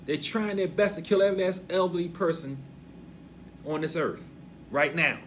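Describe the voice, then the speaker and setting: An older man with a gray beard teaching a Torah portion, emphatic and preachy, dropping to a hush and then rising loud. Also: fairly high pitch, normal speed, slight background noise.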